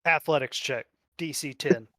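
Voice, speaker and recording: GM, man, slightly high voice, relaxed narration, dry close sound. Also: moderate pace, no echo. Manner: loose, filler-heavy narration. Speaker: game master. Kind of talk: narrating a tabletop game.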